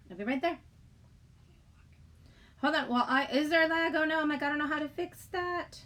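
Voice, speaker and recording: A livestream host, a middle-aged woman, speaks at normal speed in a fairly high, slightly bright voice. She giggles, rambles and greets viewers in the chat as she goes.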